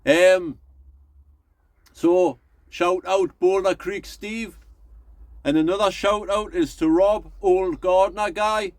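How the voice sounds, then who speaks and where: Middle-aged vlogger, rambling and folksy, talks a touch high, dry and close. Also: male voice, steady tone, slow pace, long pauses, dry recording. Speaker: allotment vlogger. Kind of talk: casual chatty vlog.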